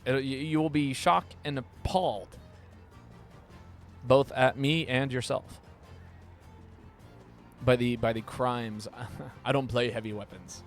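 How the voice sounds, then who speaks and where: A man live-streaming a game, talking casually and playfully, often stumbling and repeating words when excited. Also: medium pitch, normal speed, faint music behind.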